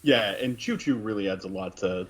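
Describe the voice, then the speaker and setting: A man's voice: lowish voice, normal speed, fairly bright tone, low-quality recording. A man from Arkansas co-hosting a reaction show, chatting casually with dry, understated replies. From Arkansas, USA. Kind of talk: casual chat.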